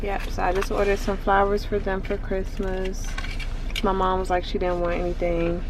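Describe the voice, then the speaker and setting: A woman chatting casually to her viewers in a daily vlog, slipping into high baby talk when she speaks to her dog. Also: moderate pace, background noise. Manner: relaxed, chatty, talks to viewers as y'all. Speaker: vlogger.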